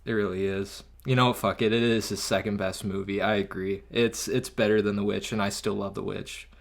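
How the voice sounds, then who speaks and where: A young man with a somewhat low voice talks loosely on a podcast. He rambles through his thoughts with plenty of fillers and curses, laughing easily. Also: steady tone, fairly quick, creaky. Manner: rambling, swears often, laughs a lot. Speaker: podcast co-host. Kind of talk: casual chat.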